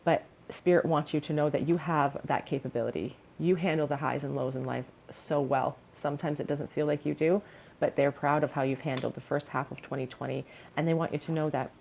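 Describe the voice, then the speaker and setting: A woman's voice: low voice, fairly even intonation, a little fast, creaky, darkish tone, breathy edge, poor audio. A young woman giving an encouraging, earnest pick-a-card tarot reading to her viewers. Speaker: tarot reader.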